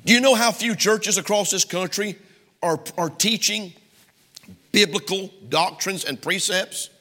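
A man's voice: high-pitched, measured pace, sharp tone. A male pastor preaching a sermon from the pulpit with an emphatic, repeating cadence. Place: church sanctuary. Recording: long hall reverb in a church.

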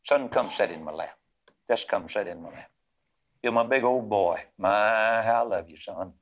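A man's voice: moderate pace, muffled recording, natural voice. Loving father played by a preacher, tender and earnest. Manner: tender and low, then rising to earnest. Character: loving adoptive father of a boy.

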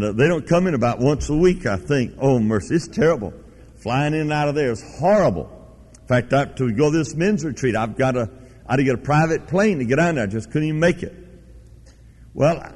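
A man's voice: mid-range voice, darkish tone. Fervent male preacher in an echoing hall. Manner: fervent, emphatic storytelling preaching. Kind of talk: revival sermon. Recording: reverberant hall.

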